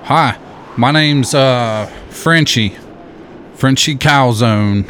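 A man improvising a game role-play in a relaxed, plain voice, playing along. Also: mid-range voice, drawn-out words, a little hiss or hum. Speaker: player roleplaying a character.

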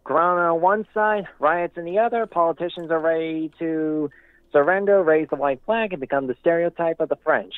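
A man's voice: on the high side, fairly quick, clean tone, no echo. A male caller rambles through his opinions with false starts and emphatic warnings. He comes through a thin, phone-like line with no room sound at all. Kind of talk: casual call-in commentary.

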